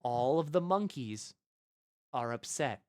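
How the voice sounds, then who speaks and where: A man's voice: mid-range voice, lively intonation, slow pace, a little mellow, smooth, no echo, studio quality. A man streaming a colony game live, chatting casually with his viewers, answering their questions and swearing freely. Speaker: gaming streamer.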